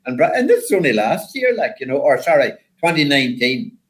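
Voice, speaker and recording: An older man, a former rally driver, telling stories in a rambling, animated way with lots of repeated words. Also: medium pitch, fairly quick, low-quality recording. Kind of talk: casual storytelling chat.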